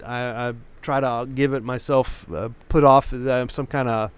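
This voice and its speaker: A man's voice: medium pitch, fairly even intonation, moderate pace, clear, resonant tone. A man from Oakland hosting a live painting stream, a few drinks in, rambling and stumbling over his words. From Oakland, California. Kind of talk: casual live-stream chat.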